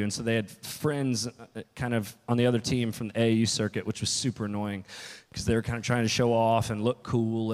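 A man's voice: fairly low pitch, a little mellow. A man preaching a casual, story-filled sermon as pastor, often restarting and quoting himself. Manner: storytelling with restarts and quoted asides. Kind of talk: conversational sermon. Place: church hall. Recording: long reverb of a church hall.

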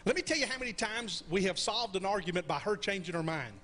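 A man's voice: sits high, expressive, fast talker, a bit bright, slight background noise. A middle-aged man preaching a conversational sermon, often checking in with the congregation with questions. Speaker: pastor. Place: church sanctuary.

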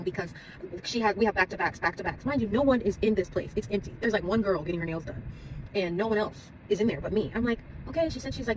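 Fast-talking young woman vlogging from a car. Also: mid-range voice. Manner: chatty, retelling a story with rising frustration. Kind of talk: casual storytime vlog. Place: in a car while driving. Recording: faint road noise from a moving car.

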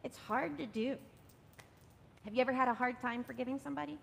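High-voiced woman leading a children's message. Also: fairly quick, vocal fry. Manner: gentle, coaxing, often asks "right?". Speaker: children's sermon leader. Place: church sanctuary. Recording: long reverb, faint rumble.

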